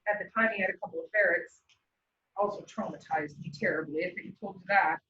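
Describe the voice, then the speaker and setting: A woman instructor giving a classroom lecture, telling personal stories in a chatty, animated way and laughing often. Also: on the low side, fast. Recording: roomy, dull sound from a distant mic.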